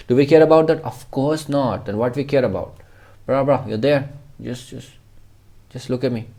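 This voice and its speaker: Rambling, swearing man with a mellow voice. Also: medium pitch. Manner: rambling, swears freely, jokes with himself. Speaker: programming tutor. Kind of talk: casual coding tutorial.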